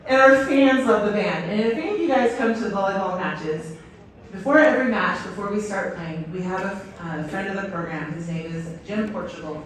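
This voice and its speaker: A woman's voice: mid-range voice, fairly quick. A woman coach giving an enthusiastic storytelling speech to a stadium crowd, with many fillers. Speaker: head volleyball coach, guest speaker. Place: outdoor stadium. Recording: echoey stadium PA from far off.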